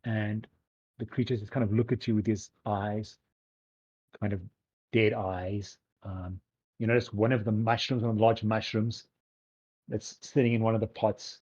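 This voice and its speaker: A man's voice: lowish voice, steady tone, moderate pace, pauses often, a little mellow, breathy edge, muffled recording. A man narrating as game master of a tabletop game, rambling along with lots of ums and likes.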